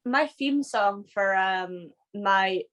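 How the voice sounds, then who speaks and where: A woman guest on a podcast in casual chat, animated, laughing often and swearing casually. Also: mid-range voice, extremely slow.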